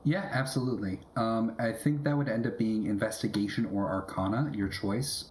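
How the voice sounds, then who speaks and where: A man running a tabletop game as game master, easygoing and quick to laugh. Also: fairly low pitch, a little mellow, echoey room, slight background noise.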